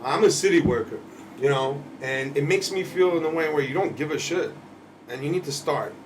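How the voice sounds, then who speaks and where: A man's voice: fairly high pitch, normal speed. Ranting New man, distant mic. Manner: heated, ranting, laughing often. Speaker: podcast co-host. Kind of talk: casual profane chat. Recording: distant mic, faint background noise.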